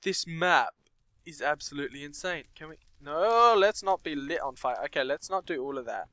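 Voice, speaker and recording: A man's voice: fairly high pitch, lively intonation, moderate pace, bright, forceful tone, no room sound. A young man commenting on a game, reading story text aloud with nervous asides and startled outbursts. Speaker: gameplay commentator.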